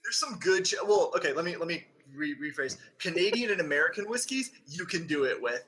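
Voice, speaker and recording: A man's voice: a little high, expressive, fairly quick, sharp tone, rough recording. A man co-hosting a casual podcast, explaining things chattily with plenty of fillers. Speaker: podcast co-host.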